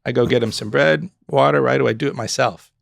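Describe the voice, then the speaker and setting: A middle-aged man with a gravelly, fry-edged voice talks casually as a podcast guest, recorded close and dry with no room around him. He tells restaurant stories with energy and slips into quick voices for customers and servers. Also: mid-range voice, no echo. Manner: animated storyteller, acts out customers and staff. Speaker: guest, former pub owner.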